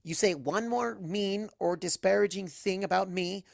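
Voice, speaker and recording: A man voicing an excitable young female unicorn scholar in a fanfic audiobook reading, gushing and bouncy. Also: high-pitched, normal speed, gravelly, no room sound, studio quality, pitched above the performer's own voice. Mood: stern.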